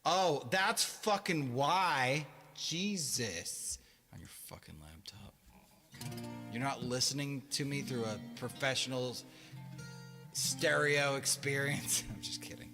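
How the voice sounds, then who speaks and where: Guy rambling on his live stream, swearing constantly, pitch all over the place, quiet guitar in the background. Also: expressive, unhurried, vocal fry, long reverb tail. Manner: rambling, heavy swearing, laughs between lines. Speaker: musician hosting a live stream. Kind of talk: casual live-stream chat.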